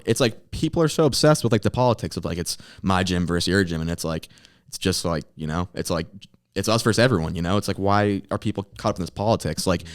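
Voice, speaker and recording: A man who coaches grappling, talking in a rambling casual way full of fillers. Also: low-pitched. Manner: rambling, full of "like" and "you know". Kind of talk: casual chat.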